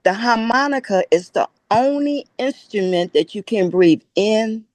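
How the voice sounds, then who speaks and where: A woman guest with a Chicago accent, telling a lively story and acting out the quoted dialogue. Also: mid-range voice, a little slow, no room sound. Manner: animated, acts out quoted dialogue. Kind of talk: casual storytelling.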